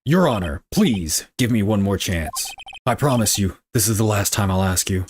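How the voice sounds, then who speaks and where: A man's voice: on the low side, animated, normal speed, a little hiss or hum, voice pushed down, natural voice. A man voicing an earnest young male defense attorney in a courtroom game, in a pleading tone.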